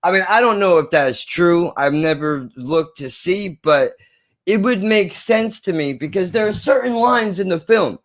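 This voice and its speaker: A man talks through a film in casual conversation with a friend. He is earnest and impassioned, and he swears to drive his points home. His voice sits somewhat high for a man. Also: expressive, unhurried. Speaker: film review co-host.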